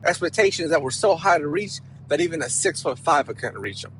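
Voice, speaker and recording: An animated male counselor talks straight to the listener. His voice sits somewhat high, and he presses hard on key words and keeps tossing in "right?" as he goes. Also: fairly quick, a little hiss or hum, low-quality recording. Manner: emphatic, animated, peppered with "right?". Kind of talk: motivational talk to camera.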